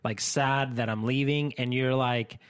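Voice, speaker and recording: A man's voice: medium pitch, steady tone, measured pace, clear, resonant tone. A young man co-hosting a podcast, telling stories in casual chat with lots of fillers and frequent laughter. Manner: chatty storytelling, laughs often, many fillers. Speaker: podcast co-host.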